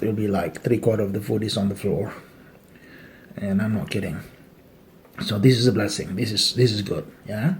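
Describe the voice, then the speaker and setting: With a lowish, mellow voice, a man from Malaysia teaches cultural etiquette through a relaxed eating demo at a table, patiently explaining each step and adding little jokes. There's slight background noise.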